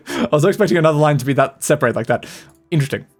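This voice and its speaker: A man's voice: a little high, animated, fast talker. A man streamer making self-deprecating asides between reading a game story. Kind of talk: casual game commentary.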